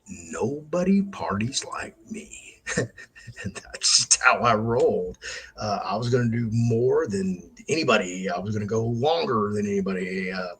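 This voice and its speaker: A man's voice: medium pitch, fairly bright tone, husky. A middle-aged man hosting his own show, telling a story in a casual monologue, laughing often and swearing freely. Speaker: show host.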